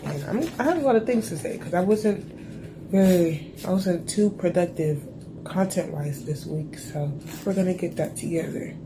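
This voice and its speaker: A woman's voice: on the low side, expressive, moderate pace, noisy background. A teenage girl with a stuffy cold, chatting casually to camera in a rambling vlog, full of "like" and "bro". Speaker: lifestyle vlogger.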